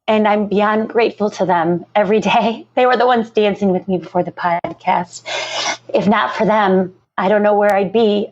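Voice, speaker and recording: A woman's voice: medium pitch, a little mellow. Earnest woman on a muffled line. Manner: earnest, passionate, repeats herself. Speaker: nonprofit founder, guest. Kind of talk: emotional podcast interview. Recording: muffled lo-fi audio.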